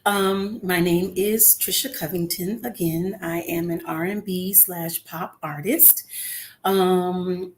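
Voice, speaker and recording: A woman's voice: lowish voice, steady tone, slow pace, slight background noise. A middle-aged woman, a guest singer, talking casually in an interview over a remote call, earnest and encouraging with frequent filler words.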